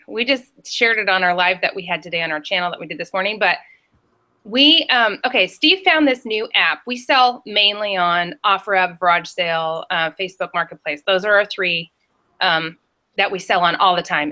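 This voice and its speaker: Chatty woman reseller on a video call, bright voice, rambles through her stories. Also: mid-range voice. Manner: chatty and rambling, lively storytelling. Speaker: reseller on a panel show. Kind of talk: casual chat.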